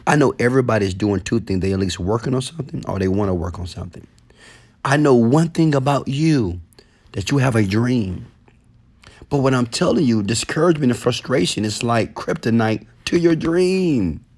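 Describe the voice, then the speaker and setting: A man giving a motivational talk, preachy, repeating phrases and swinging between low murmurs and a raised voice. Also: lively intonation, moderate pace, darkish tone. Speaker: motivational speaker.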